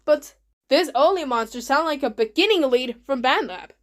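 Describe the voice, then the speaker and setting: A woman hosting her own video, narrating casually with excited, simple, repetitive phrasing. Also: high-pitched, moderate pace. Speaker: channel host.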